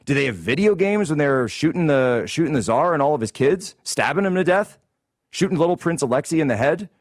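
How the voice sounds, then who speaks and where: A man's voice: a little high, animated, fairly quick, no room sound, studio quality. A man hosting a political commentary show, ranting in a combative, indignant way. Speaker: host.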